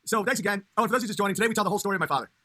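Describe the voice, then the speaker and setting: Bright-voiced rambling male streamer. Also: high voice. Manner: rambling, laughing, halting. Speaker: comedian streamer. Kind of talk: casual livestream chat.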